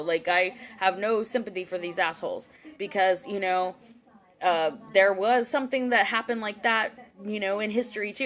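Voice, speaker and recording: A young woman from Houston talks straight into her camera mic, heated and swearing freely. She rambles and restarts, stacking fillers as she builds up steam, at an ordinary pitch for a woman. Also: a bit bright. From Houston, Texas. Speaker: psychic reader and commentator. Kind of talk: casual live-stream monologue. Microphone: webcam or phone microphone.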